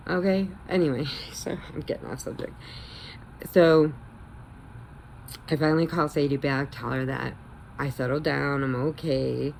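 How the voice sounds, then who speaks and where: A middle-aged woman telling a story casually in her vlog, chatty and animated, acting out the quotes. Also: low-pitched, normal speed, creaky, a little hiss or hum. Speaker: vlogger.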